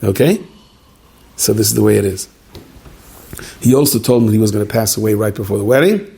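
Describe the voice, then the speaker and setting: A man's voice: on the low side, animated, a little fast, creaky, warm tone, slightly rough. A man, a rabbi, telling a story in a sermon, chatty and full of joking asides, with Yiddish and Hebrew words mixed into his speech.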